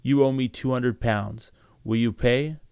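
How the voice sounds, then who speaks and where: A man voicing a calm, cold, steadfast young husband who speaks firmly and with open contempt in a storybook reading. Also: medium pitch, a little slow, smooth, no echo, clean studio sound, natural voice. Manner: firm, iron-voiced, contemptuous.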